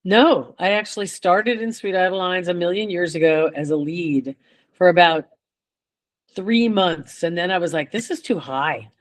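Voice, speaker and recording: An older woman guest chatting in a relaxed way, telling lively stories and laughing often. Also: on the low side, normal speed. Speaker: guest chorus singer. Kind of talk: casual storytelling chat.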